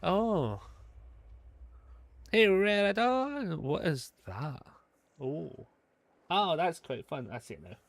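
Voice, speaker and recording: A man's voice: fairly high pitch, very animated, vocal fry, no room sound. A man with a Scottish accent chatting casually through a live gameplay stream, swearing often and joking at his own mistakes. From Scotland. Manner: chatty, swears a lot, quick to self-mockery. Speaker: gaming streamer.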